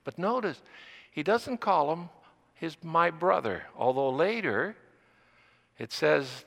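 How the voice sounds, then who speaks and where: Slow gravelly older man preaching. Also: fairly high pitch, lively intonation, a bit bright, in a large hall. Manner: slow, deliberate, repeating phrases for emphasis. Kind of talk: sermon.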